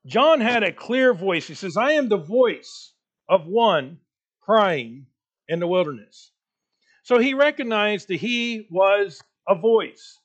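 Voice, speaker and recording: A man preaching a sermon in a church, delivering it with rising emphasis and pauses. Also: high-pitched, animated, muffled recording. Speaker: pastor.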